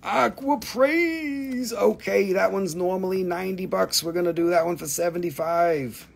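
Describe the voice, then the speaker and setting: Man, gravelly voice, fairly high, joking live-sale host, drifts into a put-on accent. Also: level tone, normal speed. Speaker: live stream gem seller. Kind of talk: live sales patter.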